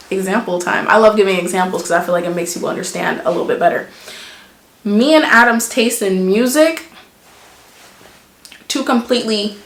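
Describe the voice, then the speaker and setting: A woman's voice: medium pitch, a bit bright, reverberant. A woman vlogger giving relationship advice in casual, blunt, emphatic talk, driving her points home with examples. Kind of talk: casual chat to camera.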